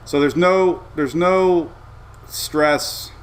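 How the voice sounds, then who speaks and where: A middle-aged man hosting a casual live weather show, rambling and easygoing with excitable asides. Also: a little high, drawn-out words, clear, resonant tone.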